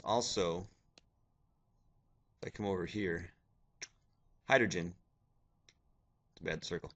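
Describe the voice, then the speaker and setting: Low-voiced man teaching a lecture. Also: a bit bright, a little hiss or hum. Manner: casual, joking, talks to students as "guys". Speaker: science teacher. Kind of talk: recorded video lecture over slides.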